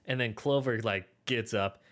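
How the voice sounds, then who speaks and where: A man's voice: mid-range voice, moderate pace, fairly bright tone. A man co-hosting a casual brainstorming chat, rambling with lots of fillers and trailing off. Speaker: podcast co-host.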